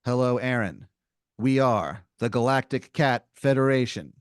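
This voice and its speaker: A man voicing the formal, calm male leader of a band of robot-riding alien cats, in an improvised comedy podcast. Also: medium pitch, a little slow, no room sound, studio quality, close to an everyday voice.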